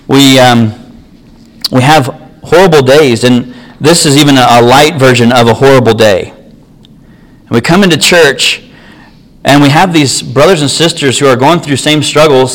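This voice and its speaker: A man's voice: mid-range voice, rough recording. A man preaching a sermon, telling an everyday story in an earnest, conversational way.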